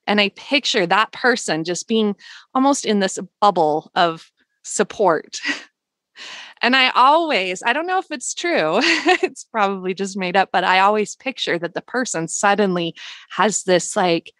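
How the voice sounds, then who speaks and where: A woman's voice: medium pitch, lively intonation, a little slow, dry recording. A woman hosting a spiritual podcast, talking earnestly and emotionally, with many casual fillers. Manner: earnest, emotional, soft-spoken with frequent "like" fillers. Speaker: podcast host.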